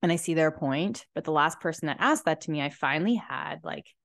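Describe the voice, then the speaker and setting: A young woman with a stuffy cold and low energy, talking to camera in a slow, reflective personal monologue with many fillers, seated indoors in a chair. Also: animated, gravelly, no room sound, studio quality. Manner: slow, slumped, soft-spoken musing with many fillers. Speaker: podcast host and tarot reader.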